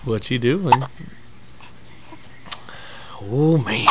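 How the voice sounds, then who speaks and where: A woman's voice: rumbling low, sing-song, measured pace, pauses often, dull audio, noisy background. A mother talking doting, sing-song baby talk to her infant son at home.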